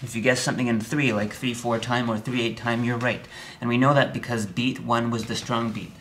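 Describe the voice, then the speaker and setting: A man teaching a music theory lesson, chatty and a little wry, often checking in with the viewer and counting beats out loud with hard accents on the downbeat. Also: medium pitch, little pitch movement, brisk, heavy background noise. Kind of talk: recorded video lesson.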